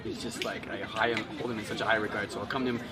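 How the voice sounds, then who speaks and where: A man's voice: fairly low pitch, sing-song, fast, recorded from a distance, crowd noise. A man, a voice actor, chatting casually, rambling and correcting himself as he talks. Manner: rambling, self-correcting, laughs often. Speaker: voice actor and channel host. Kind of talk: casual chat. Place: outdoors in a busy city spot.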